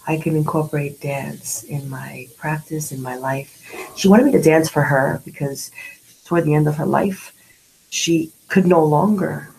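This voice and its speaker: A woman in her late forties with a low voice talks through a personal diary vlog. She is candid and slangy, shifting between lively retellings and soft reflection. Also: creaky, slight background noise, low-quality recording. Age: 40s. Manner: candid, slangy, animated when retelling, hushed when grieving. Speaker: vlogger.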